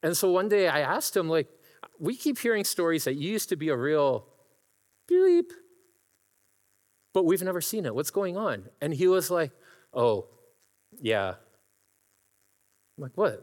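Man, middle-aged, pastor, storytelling sermon, slightly high voice, long hall reverb. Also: expressive, fairly quick. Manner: storytelling, laughs while imitating a friend's laugh.

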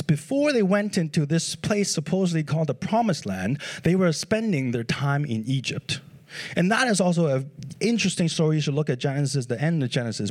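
Brief: a high-voiced male preacher with a lively, swooping delivery, posing rhetorical questions. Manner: animated, asks rhetorical questions. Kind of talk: sermon.

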